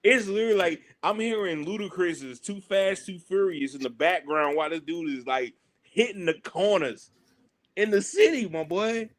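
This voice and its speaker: A man with a Southern US accent, a wrestler guest telling a road-trip story in an animated way and acting out other people's lines. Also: high-pitched, normal speed. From Southern United States. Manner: lively, acts out other people's lines, heavy slang.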